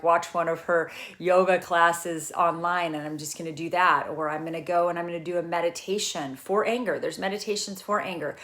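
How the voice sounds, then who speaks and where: A middle-aged woman speaks as a trauma recovery coach in a loose, unscripted talk to camera. Her voice sits a little low, and she circles her points earnestly, trailing off and restarting with lots of fillers. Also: fairly bright tone.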